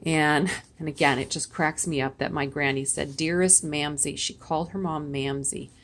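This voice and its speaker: A woman's voice: low-pitched, steady tone, normal speed, a bit bright. A woman in her sixties giving a chatty, sentimental show-and-tell of a handmade memory book, with rambling asides. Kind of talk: casual show-and-tell vlog.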